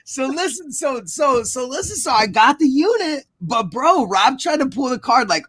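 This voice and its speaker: A man's voice: extremely high pitch, big pitch swings, normal speed, few pauses, a bit bright, slightly rough. A man chatting casually on a live stream, telling rambling stories with restarts and repeats. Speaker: storage auction buyer and show regular.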